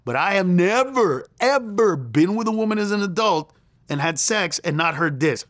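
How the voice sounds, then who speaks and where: A man's voice: sits high, animated, normal speed, fairly bright tone, dry recording, studio quality. A middle-aged man, a comedian and interview guest, telling a story with lots of energy and acting out quoted lines in a raised voice. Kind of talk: animated storytelling.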